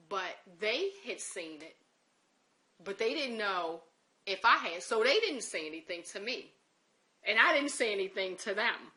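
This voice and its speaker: A woman's voice: medium pitch, pushed and bright. A woman recounting an emotional personal story in an interview, acting out the conversations she quotes. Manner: emotional recollection.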